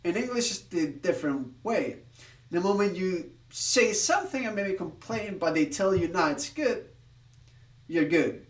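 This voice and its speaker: A man's voice: high-pitched, expressive, normal speed, echoey room, far from the mic, low-quality recording. A man from Spain chatting casually on a live stream, rambling with restarts, laughing and swearing now and then.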